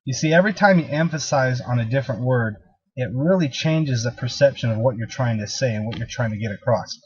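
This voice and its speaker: A man's voice: medium pitch, expressive, brisk, breathy edge, dry recording, muffled recording. A man giving a recorded sales training talk in an emphatic, direct coaching manner.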